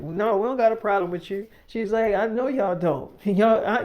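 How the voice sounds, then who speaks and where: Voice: mid-range voice, a little mellow. A speaker improvising a heated freestyle story into a phone mic, profane and slangy, retelling a quarrel in the first person.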